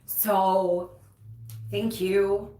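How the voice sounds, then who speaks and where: A woman hosting a casual livestream speaks very slowly in a warm, medium-pitched, flat voice, frank and emotional with her viewers and casually swearing. She works as a recovery coach. A distant mic gives the recording a roomy echo.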